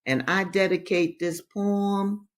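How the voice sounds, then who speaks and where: A woman reading aloud and commenting to her audience at an unhurried, deliberate pace. She presses her points by repeating key phrases and talks straight to her listeners as brothers and sisters. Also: medium pitch, steady tone. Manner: emphatic, repeats phrases for stress.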